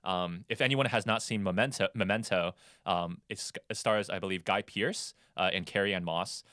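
Casual male podcast co-host, low voice, loose rambling delivery, dry close sound. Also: normal speed, pushed and bright, no echo. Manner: rambling, with many fillers and restarts. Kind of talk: casual movie discussion.

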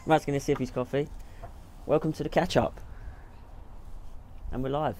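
A tired man co-hosting a casual football chat after a short night. He talks in a relaxed, laid-back way at an ordinary middle pitch. A faint hum of ambience sits behind him. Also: moderate pace. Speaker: podcast co-host.

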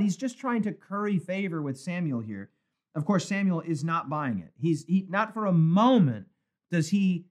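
A man's voice: a little high, unhurried. A man teaching a Bible study as a pastor, conversational and emphatic, with repeated phrases for emphasis, recorded for a live stream. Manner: animated, conversational, emphatic repetition. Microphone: phone or webcam for a live stream.

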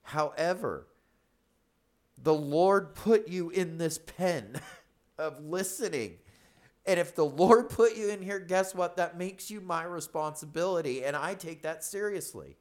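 A man's voice: fairly high pitch, measured pace. Man, pastor type co-hosting a podcast, blunt and emphatic. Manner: blunt, emphatic, repeats himself.

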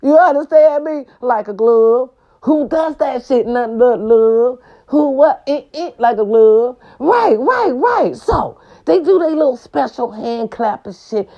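A woman telling a story in a casual monologue. She talks in an animated, emphatic way, swears freely, and keeps checking in with her listeners. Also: high voice, measured pace, hardly any pauses, highs cut off. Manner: animated, emphatic and profane, with frequent rhetorical check-ins.

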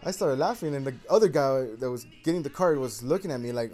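A man hosting his own video in a casual, wandering monologue. His voice sits at an average pitch, and he leans hard on fillers like "man," "you know" and "uh." Faint music plays underneath. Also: expressive, fast talker, a little mellow. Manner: rambling and loose, heavy on "man", "you know" and "uh". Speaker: video host.

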